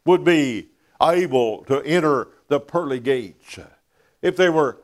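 Male preacher, sermon, uh-filled pauses, hushed emphasis, church. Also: fairly high pitch, lively intonation.

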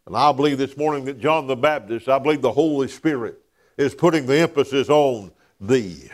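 A man preaching a sermon in a church, filling pauses with "uh" and dropping to a near whisper on key words. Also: mid-range voice. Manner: preaching with frequent "uh" fillers, dropping to hushed emphasis.

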